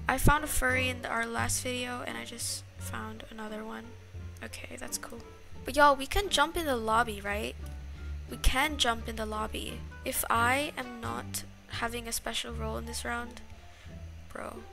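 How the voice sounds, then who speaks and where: A woman's voice: a little high, moderate pace, gravelly, music in the background. A young woman giving casual, dramatic gameplay commentary to her viewers. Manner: dramatic, excitable, talks to viewers as y'all. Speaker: gaming YouTuber.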